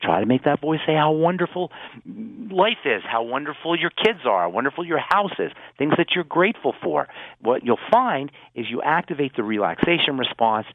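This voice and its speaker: A man's voice: on the high side, big pitch swings, moderate pace, no room sound. A man who works as a pharmacist, explaining health topics earnestly on a radio call-in show, often restarting phrases. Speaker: pharmacist guest. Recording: tinny phone-line radio audio.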